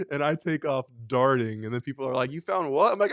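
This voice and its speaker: A young man co-hosting a talk show, animated and playful, acting out voices as he tells a story. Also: mid-range voice, quick pace, few pauses, no echo, studio quality. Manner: acts out voices, laughs often. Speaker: radio show co-host. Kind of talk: casual chat, animated storytelling.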